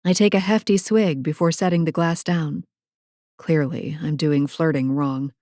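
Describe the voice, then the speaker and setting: Woman narrator, lowish voice, wry and self-mocking, romance audiobook, dry close sound. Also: steady tone, a little slow, dark tone, no echo. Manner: wry, self-deprecating inner voice.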